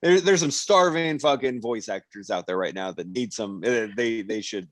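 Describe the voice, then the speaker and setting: A man's voice: medium pitch, normal speed, dry recording, studio quality. Blunt, swearing man podcaster. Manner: blunt, swearing, laughs often. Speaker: podcast co-host. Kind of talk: casual chat.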